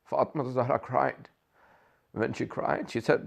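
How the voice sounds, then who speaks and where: A man narrates a religious sermon with a deeply gravelly, rough texture to his voice. His storytelling is impassioned, and his voice lifts and strains as the emotion builds. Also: fairly even intonation, unhurried. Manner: impassioned storytelling, voice rising and straining when quoting. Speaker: speaker.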